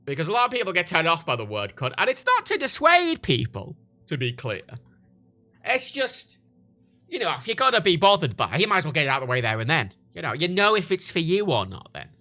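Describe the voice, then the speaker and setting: A man's voice: fairly high pitch, wildly swooping pitch, a little fast, sharp tone. A man with a British accent chatting on a livestream in a rambling, crude way, often breaking off and restarting. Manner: rambling, crude, self-interrupting. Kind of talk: casual livestream chat.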